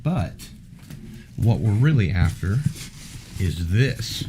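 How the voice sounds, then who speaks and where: A man hosting a casual unboxing video, talking in an unhurried way with wry asides. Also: deep voice, noisy background. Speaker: unboxing vlog host.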